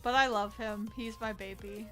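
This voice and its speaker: A woman's voice: mid-range voice, fairly even intonation, normal speed, fairly bright tone, faint music behind. A young woman chatting casually at home while she draws on stream, rambling, laughing often and swearing freely. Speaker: art streamer. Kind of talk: casual chat while drawing.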